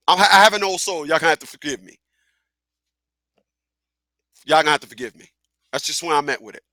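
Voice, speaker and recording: Lively high-pitched male radio host. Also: no room sound. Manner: animated, profane, laughs often, repeats himself. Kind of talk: live talk radio monologue.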